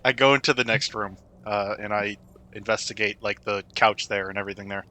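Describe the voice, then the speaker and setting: A man's voice: lowish voice, fairly even intonation, a little fast, pushed and bright. A man playing a tabletop game, chatting casually, hesitant and giggly. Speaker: player.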